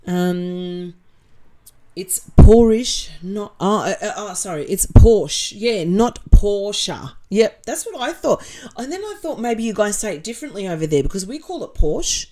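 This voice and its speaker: A woman's voice: medium pitch, lively intonation, moderate pace, a little mellow. A woman with an Australian accent hosting a casual livestream, reading viewer comments aloud and answering them in a blunt, sarcastic way. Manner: blunt and sarcastic, swears freely.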